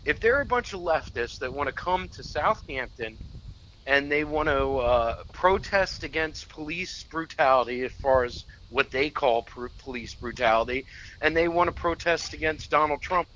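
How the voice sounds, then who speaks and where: A man holds forth on a political talk radio show, blunt and emphatic, swearing when he gets heated. His voice is bright and forceful. The recording sounds a little dull and lo-fi. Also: a little high, animated, normal speed, slight background noise.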